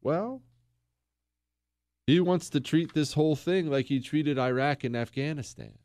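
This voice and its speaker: A man runs a political radio monologue in a sarcastic, scolding tone and sometimes shouts to make a point. His voice sits fairly high for a man. The studio sound is dry and close, with no room around it. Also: a little slow, dry recording. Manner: combative, sarcastic, shouts for emphasis. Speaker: radio talk show host.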